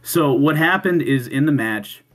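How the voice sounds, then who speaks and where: A man on a podcast telling a story in casual chat, animated, swearing freely and laughing, often restarting his sentences. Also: fairly high pitch, unhurried. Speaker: podcast co-host.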